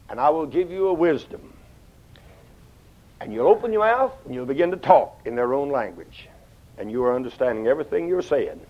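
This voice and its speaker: An older man preaching a sermon, folksy and storytelling, swinging between loud outbursts and hushed asides. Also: a little high. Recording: dull lo-fi sound.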